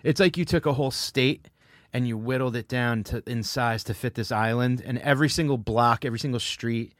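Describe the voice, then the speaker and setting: A man's voice: medium pitch, a little fast, no echo, clean studio sound. A middle-aged man, hosting a casual chat, joking and swearing freely. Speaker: host.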